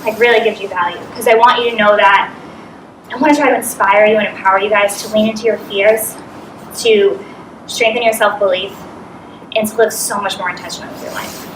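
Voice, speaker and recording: A woman with a Boston accent speaks to a live audience, earnest and a little nervous as her words tumble out quickly. She is heard from a distance in an echoey hall with a faint hiss behind her. Her pitch sits in an ordinary middle range for a woman. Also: fairly even intonation. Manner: nervous, fast-talking, earnest. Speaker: speaker at a coaching event. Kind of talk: motivational speech to a live audience. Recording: echoey room from a distant mic with faint noise.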